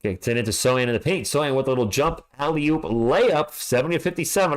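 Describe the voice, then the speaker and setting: A man calling a live game as a fan play-by-play streamer. He is excitable, talks to his chat, and yells at the team, alone at home. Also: medium pitch, fast talker, hardly any pauses.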